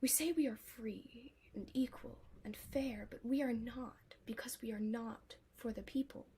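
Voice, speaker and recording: A woman performing spoken word poetry with a rhythmic, soft and breathy delivery. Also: a little high, unhurried.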